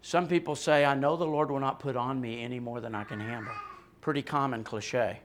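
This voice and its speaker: A man's voice: mid-range voice, fairly even intonation, brisk, slight background noise. A male pastor preaching a sermon with passion and emphasis, often adding a questioning "right?" and laughing lightly between points.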